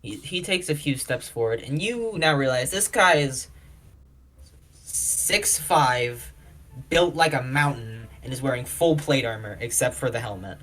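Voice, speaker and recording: A man narrating a tabletop game as game master, describing the scene in a steady, searching way with frequent restarts. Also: mid-range voice, unhurried, rough recording.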